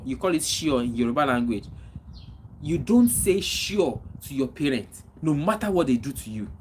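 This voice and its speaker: A man from Nigeria with a Nigerian accent hosts a casual livestream, answering viewers' comments and giving repetitive, preachy advice, coughing and clearing his throat often. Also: medium pitch, very animated, moderate pace, a little hiss or hum, poor audio. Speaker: livestream host.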